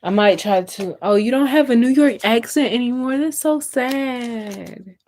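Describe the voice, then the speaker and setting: A woman's voice: on the high side, brisk, a little mellow, slight background noise. A young adult woman from Mississippi with a Southern US accent, chatting casually with viewers on a crafting livestream and answering their comments.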